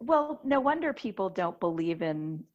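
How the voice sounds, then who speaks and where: A woman's voice: on the low side, normal speed, muffled recording. A woman podcast host chatting casually and telling a story, acting out the voices she quotes. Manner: lively storyteller who acts out quoted voices.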